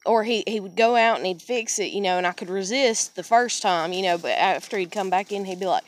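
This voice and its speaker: A woman's voice: mid-range voice, fairly quick. A woman in a casual personal monologue. She talks candidly, swears often, rambles, restarts sentences and keeps saying "you know.".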